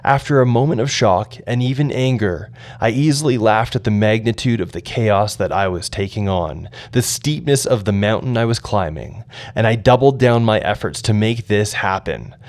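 A man's voice: lowish voice, moderate pace, a little mellow. A young adult man narrating his personal memoir in an earnest, reflective way.

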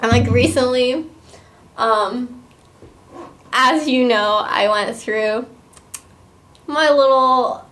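A young woman hosting a casual podcast chat, telling personal stories in an animated, giggly way. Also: fairly high pitch, extremely slow, pauses often, poor audio. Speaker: podcast host.

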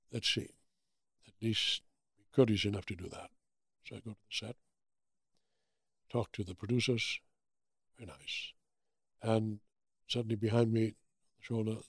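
Older man, German accent, gravelly, dry close sound, lively storytelling. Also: lowish voice, no room sound. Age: 80s. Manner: animated anecdotes with acted-out quotes. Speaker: guest. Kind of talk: storytelling interview.

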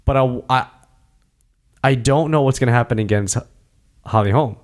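A man's voice: medium pitch, moderate pace. A man hosting a casual chat about fighting, talking animatedly and acting out scenes. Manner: animated, acts out scenes with voices. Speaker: podcast host.

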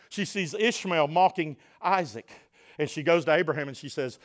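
A man preaching a sermon as pastor in a church, swinging between shouted passages and hushed, quiet asides. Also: fairly high pitch, normal speed. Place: church sanctuary.

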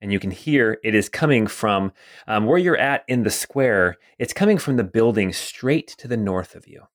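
A man narrating a tabletop game as game master, relaxed, with many fillers. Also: lowish voice, normal speed, dry recording, clean studio sound.

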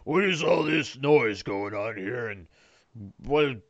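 A man voicing a lumbering, brutish male ogre who grumbles slowly and sounds puzzled in a tabletop game. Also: medium pitch, expressive, gravelly, no room sound, highs cut off.

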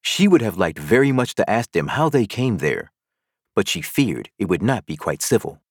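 A man narrating a classic children's story as a volunteer reader, with expressive storytelling. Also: lowish voice, normal speed, slightly rough, no room sound, studio quality. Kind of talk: audiobook narration.

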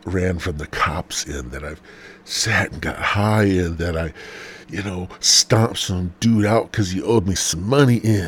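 A man hosting a podcast, delivering a rambling, profane comedy monologue in a husky voice. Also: deep voice, measured pace, a little hiss or hum. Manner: rambling, crude, laid-back. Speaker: podcast host.

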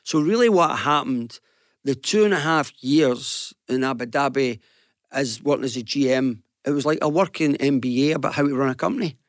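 A man from Glasgow with a Glaswegian Scottish accent, telling a business anecdote on a radio show with lively acted-out quotes. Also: mid-range voice, normal speed, no echo, clean studio sound. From Glasgow, Scotland. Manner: lively storyteller, acts out quotes, chuckles. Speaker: business guest panellist.

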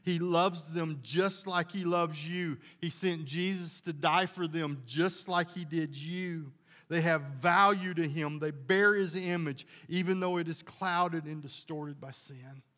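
A man's voice: on the high side, fairly even intonation, measured pace, fairly bright tone, long reverb tail. A male pastor preaching a sermon in a folksy, conversational way, telling homey stories and sometimes restarting his sentences.

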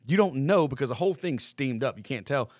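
A man's voice: medium pitch, lively intonation, a little fast, no room sound, studio quality. A man telling boot camp stories in casual, rambling, profane podcast chat. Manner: rambling, laid-back, profane. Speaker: podcast guest, former Marine recruit. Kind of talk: casual storytelling.

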